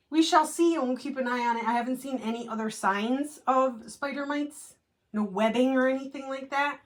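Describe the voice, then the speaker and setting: An upbeat young woman with a slightly higher voice talks casually through her indoor seedlings, full of fillers and easy enthusiasm. She sounds like a friendly gardening vlogger showing off her plant rack. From United States. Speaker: gardening channel host. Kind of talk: casual vlog walkthrough.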